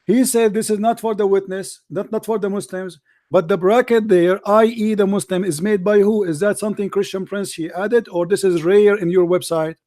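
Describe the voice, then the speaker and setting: High-voiced combative man in a dry room. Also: fairly even intonation, moderate pace, dark tone, dry recording. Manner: combative, mocking, repeats himself. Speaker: debate host. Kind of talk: heated religious debate.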